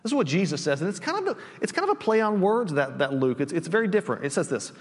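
A pastor with a high voice preaches in a casual, conversational way, often restarting his sentences and checking in with "right?". His voice rings out with a long reverb, as though it fills the church sanctuary. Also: big pitch swings, fast, few pauses. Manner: conversational, frequent restarts and tag questions. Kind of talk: sermon.

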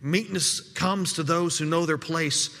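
A man's voice: a little high, unhurried, pushed and bright, in a large hall. A man preaching a sermon in a conversational way, often repeating words as he restarts his sentences. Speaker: pastor.

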